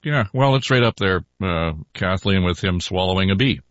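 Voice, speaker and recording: Man, podcast host, low voice, chatty, relaxed, dry dull recording. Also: moderate pace, no echo. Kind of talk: casual political chat.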